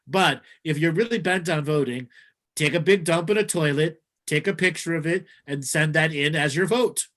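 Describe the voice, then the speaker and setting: A man co-hosting a comedy call-in show over a video call, blunt and quick to dismiss callers. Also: a little high, a bit bright. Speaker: co-host taking calls.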